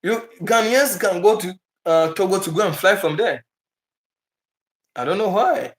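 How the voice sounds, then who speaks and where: A man's voice: sits high, a little slow. A man speaking in a loose, conversational monologue to his viewers, often restarting his sentences. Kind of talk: casual monologue to camera. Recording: roomy echo.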